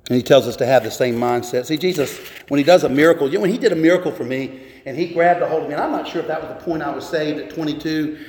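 A man's voice: a little high, rapid-fire, a little mellow. A man in his twenties or thirties preaching a sermon as pastor, impassioned and voicing biblical figures in quotes. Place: church sanctuary. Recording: echoey church hall.

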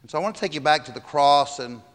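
A man's voice: a little high, fast talker, a bit bright, long reverb tail. A man pastor preaching a sermon, reading scripture aloud dramatically and raising his voice on the quoted cries.

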